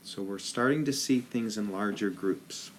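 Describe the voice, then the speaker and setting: A man's voice: lowish voice, a little slow, slight background noise. A man teaching a rhythm lesson as a band director, patiently counting rhythms aloud in ta syllables.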